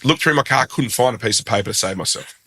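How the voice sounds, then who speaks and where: A man with an Australian accent, a guest telling a story in a casual, animated and self-deprecating way, acting out the quotes. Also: medium pitch, quick pace, slightly rough.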